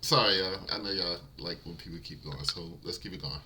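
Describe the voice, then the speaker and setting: A man's voice: low voice, a little fast, bright, forceful tone, a little hiss or hum, poor audio. A man hosting a reaction video, giving laid-back commentary straight to his viewers with frequent chuckles.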